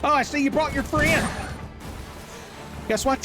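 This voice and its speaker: A man giving loud, profane, joking commentary while playing a video game. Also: medium pitch, expressive, normal speed. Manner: loud, profane, jokey, yelling at enemies. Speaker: gaming streamer. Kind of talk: casual gameplay commentary. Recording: gameplay music behind voice.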